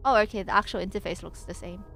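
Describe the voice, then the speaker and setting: A woman's voice: mid-range voice, fast, vocal fry, pushed and bright, a little hiss or hum. A woman livestreaming, chatting in a playful, rambling and silly way between reading passages from her home PC setup. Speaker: VTuber streamer.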